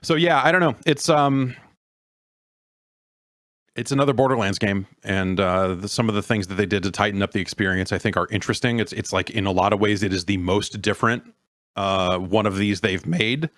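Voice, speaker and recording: Low-voiced man, dry rambling podcast chat. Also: fairly bright tone, no echo. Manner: rambling, halting, dry and sardonic. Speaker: podcast host. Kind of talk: casual chat.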